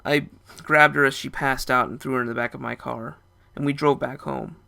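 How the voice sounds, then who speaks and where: A man's voice: mid-range voice, fairly even intonation, normal speed, vocal fry, bright, forceful tone. A young man narrating a first-person story in a casual, rambling way.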